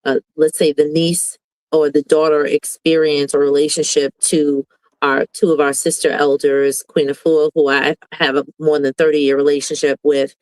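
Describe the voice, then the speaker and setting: A woman's voice: deep voice, little pitch movement, moderate pace, a little mellow, no echo, rough recording. A woman educator from Brooklyn talks as a guest on an online panel. She speaks earnestly and effusively, full of gratitude, in a dry, close recording. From Brooklyn, New York. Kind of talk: casual video call chat.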